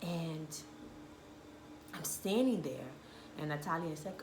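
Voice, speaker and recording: A woman sharing a personal testimony in a casual faith conversation, animated, acting out what people said with sudden loud, high bursts. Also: slow pace, long pauses, roomy sound, slight background noise. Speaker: guest sharing her testimony.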